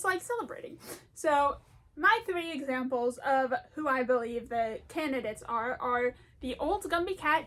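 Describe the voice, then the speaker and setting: A young woman with a high, light voice talks in a loose, rambling way. She stays chatty and animated and laughs often as she goes. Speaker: video essayist. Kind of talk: rambling casual commentary.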